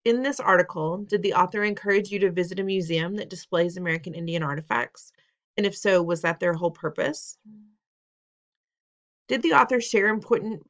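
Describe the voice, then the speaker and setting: Woman teacher, lower register, patient and instructive, recorded lesson. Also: a bit bright. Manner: patient, instructive, playful teasing; repeats instructions, asks the listener questions. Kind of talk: recorded test-prep lesson.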